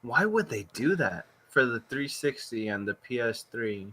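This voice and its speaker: A man's voice: mid-range voice, big pitch swings, measured pace, bright, forceful tone, a little hiss or hum. A young man co-hosting a gaming podcast in casual chat, asking blunt questions and swearing. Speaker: podcast co-host.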